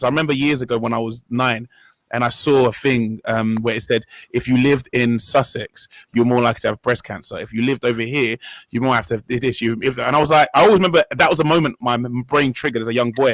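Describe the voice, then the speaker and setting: A man's voice: mid-range voice, fast talker, fairly bright tone, dry recording, poor audio. A young man hosting a casual discussion, talking in an earnest, rambling way and often correcting himself mid-sentence. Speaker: podcast host.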